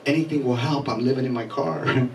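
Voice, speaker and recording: A man's voice: mid-range voice, steady tone, a little fast, vocal fry. A middle-aged man from Colorado doing a bawdy stand-up comedy set in a small venue, acting out characters in his stories. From Colorado, USA. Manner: loose, bawdy storytelling with voiced-out characters. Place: small chapel venue with live audience. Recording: distant camera mic, noisy room.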